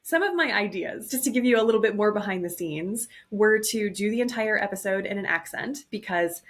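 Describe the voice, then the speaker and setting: A woman hosting a solo podcast as a coach, talking in a reflective, earnest and gently upbeat way. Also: medium pitch, lively intonation, brisk.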